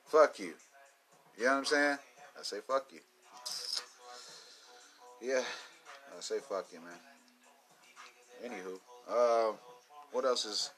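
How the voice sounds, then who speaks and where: A man's voice: mid-range voice, a bit bright. A man hosting a casual solo podcast, rambling and swearing a lot and often breaking into laughs. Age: adult. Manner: rambling, profane, laughs between lines. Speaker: podcast host.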